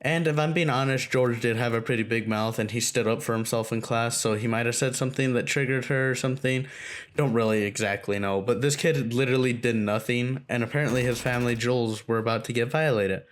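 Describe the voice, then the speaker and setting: A young man recounts a school story in a loose, rambling way. His talk is casual and full of fillers and swearing, and his voice sits at an ordinary mid pitch for a man. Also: steady tone, fairly quick. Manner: rambling, profane, filler-heavy. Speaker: storytime vlogger.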